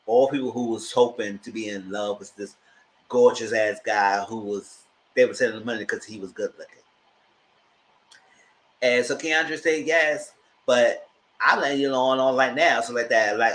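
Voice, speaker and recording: A man giving a casual recap, switching to high-pitched exclamations when he acts out reactions. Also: fairly bright tone, poor audio. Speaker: YouTube reviewer.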